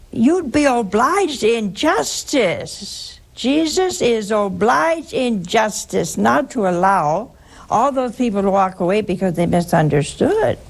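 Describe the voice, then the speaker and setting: Slow, gravelly older woman teaching callers. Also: big pitch swings. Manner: slow, emphatic, preacherly, with sudden high rises. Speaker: religious radio host answering callers. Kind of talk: call-in radio teaching.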